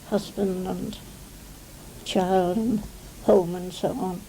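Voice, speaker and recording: A woman's voice: medium pitch, vocal fry, mellow, slight background noise, low-quality recording. An English woman in her nineties, a retired stage actress reminiscing in a television interview, rambling and often adding "you see". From England. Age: 90s.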